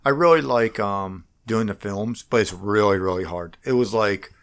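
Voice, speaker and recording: A smooth, fairly low-pitched voice with a fairly bright tone belongs to a middle-aged man describing himself as a political candidate. The interview is casual, and he halts, rambles and restarts frequently.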